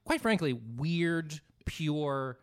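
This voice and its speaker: A man's voice: a little high, lively intonation, extremely slow. A man chatting casually on a podcast about food, telling long rambling stories and swearing often. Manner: rambling storyteller who swears a lot. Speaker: podcast co-host. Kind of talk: casual chat.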